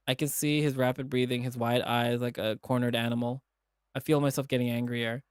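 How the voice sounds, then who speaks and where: A man's voice: mid-range voice, brisk, clear, resonant tone, no echo. A man streaming as he reads a visual novel aloud and voices its characters in a dramatic way. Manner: dramatic reading, animated asides.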